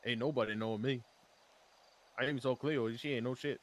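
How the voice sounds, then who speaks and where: A man's voice: mid-range voice, fairly even intonation, brisk, slight background noise, close to an everyday voice. A man voicing a folksy Cajun swamp man with a put-on drawl and broken grammar, in a role-play game.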